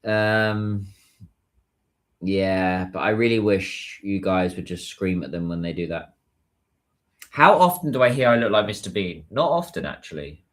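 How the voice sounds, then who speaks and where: This British man from the United Kingdom hosts a casual livestream, chatting and answering viewer messages. His voice is low-pitched and animated, moving at a measured pace, with a British English accent.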